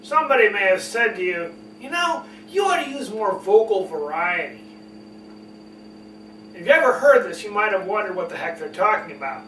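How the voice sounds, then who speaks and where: A man teaching public speaking, talking emphatically and deliberately swinging between loud and soft, fast and slow. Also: high voice, expressive. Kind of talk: spoken lesson on public speaking. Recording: echoey room, mic at a distance, faint hum.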